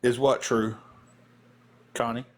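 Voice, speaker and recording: Animated former wrestler telling stories. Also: male voice, mid-range voice, takes it slowly. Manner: animated storyteller acting out voices. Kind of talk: casual live-stream storytelling.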